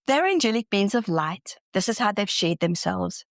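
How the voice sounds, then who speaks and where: A woman's voice: mid-range voice, expressive, normal speed, vocal fry, no echo, studio quality. A woman guest in a casual interview, talking earnestly and enthusiastically, often restarting her sentences. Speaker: podcast guest, spiritual channeler.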